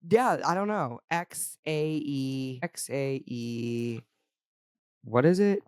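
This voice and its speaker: A woman's voice: very deep voice, animated, takes it slowly, a little mellow, dry recording, clean studio sound. A young woman co-hosting a podcast, chatting casually with strong opinions, frequent swearing and laughter. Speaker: podcast co-host. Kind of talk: casual chat.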